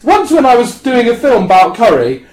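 A man's voice: very high voice, wildly swooping pitch, normal speed, darkish tone. A man co-hosting a podcast, reading a comic mock autobiography in a dry, matter-of-fact way. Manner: dry, matter-of-fact delivery of absurd lines. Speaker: podcast co-host. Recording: roomy echoey studio.

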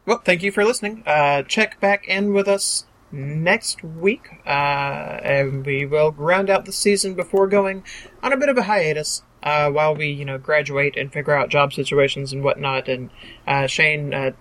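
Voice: mid-range voice, normal speed, fairly bright tone. A young adult podcast co-host chatting casually, often hesitating with fillers.

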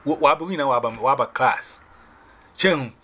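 A man sharing a personal faith testimony, telling it in an animated way and dropping in English phrases. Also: medium pitch, a little fast.

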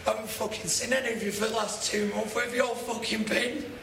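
A man's voice: sits high, little pitch movement, fast, noisy background. An actor playing a distraught young man, raw and tearful, confronting a friend who betrayed him. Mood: bitter hurt. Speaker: film character. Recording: echoey film audio with ambience.

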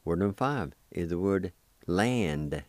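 Male radio host teaching vocabulary, low and unhurried, dark dry close-mic voice, repeats each word carefully. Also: expressive, dry recording. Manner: spells and repeats words syllable by syllable. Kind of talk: slow spelled-out word lesson.

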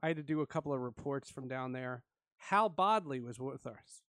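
A man casually telling an animated story with frequent laughs. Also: mid-range voice, normal speed, no echo.

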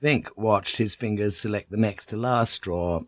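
Low-voiced male audiobook narrator. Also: a little slow, no echo. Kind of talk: scripted narration.

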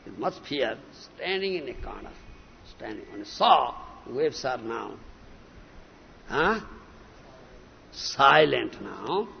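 A man's voice: mid-range voice, sing-song, slow pace, vocal fry, long pauses, slight background noise. A man giving a devotional sermon, stressing points emphatically and often breaking in with "huh?" and "isn't it?". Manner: emphatic, frequent questioning "huh?" and "isn't it?" asides. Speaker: spiritual teacher. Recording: reverberant, dull lo-fi lecture recording.

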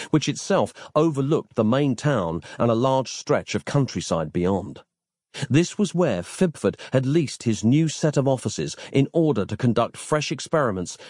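A man reads a comic story aloud in a wry, deadpan way, letting his pitch rise and fall in lively swoops. The recording is close and dry, with no room sound. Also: no room sound. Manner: wry, deadpan, elaborate phrasing. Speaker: narrator. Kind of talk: scripted comic story narration.

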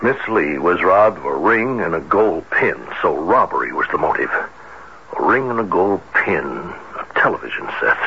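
An actor playing a shrewd police captain questioning a witness in a murder case, in a 1970s radio drama. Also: male voice, low voice, lively intonation, a little slow. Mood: probing. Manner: probing, skeptical questioning. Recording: dull lo-fi vintage radio with faint hiss.

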